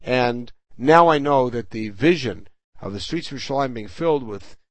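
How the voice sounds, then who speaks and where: A man's voice: medium pitch, animated, normal speed, no room sound. An older man teaching a Talmud class. He reads the Hebrew and Aramaic text aloud and explains each line in English. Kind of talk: Talmud class, reading and translating.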